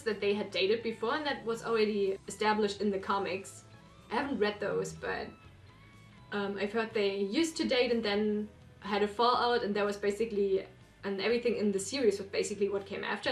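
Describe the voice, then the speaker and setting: A woman hosting a reaction video, chatting casually and rambling, with apologetic asides. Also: mid-range voice. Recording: roomy echo.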